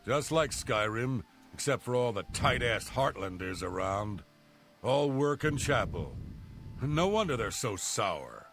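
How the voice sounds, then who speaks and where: A man's voice: mid-range voice, very animated, measured pace, gravelly, fairly bright tone, heavily acted. An actor voicing a plain-spoken male townsman in a fantasy video game, making matter-of-fact, gossipy small talk.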